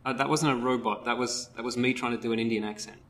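A man's voice: medium pitch, fairly even intonation, quick pace, a bit bright. A man co-hosting a podcast over an online call, joking and laughing often in casual chat. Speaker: podcast co-host.

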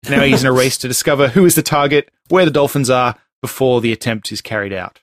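A medium-pitched man is heard in a dry, studio-quality recording. Hosting a relaxed podcast quiz on movie taglines, he jokes around, laughs often, and reads the lines in a slow, dramatic way.

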